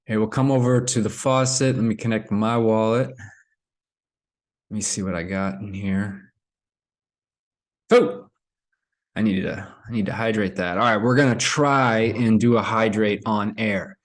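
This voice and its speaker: A man's voice: fairly low pitch, steady tone, moderate pace. Rambling man vlogging to camera. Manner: rambling, with many fillers and restarts. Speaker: crypto vlogger. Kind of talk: casual commentary to camera.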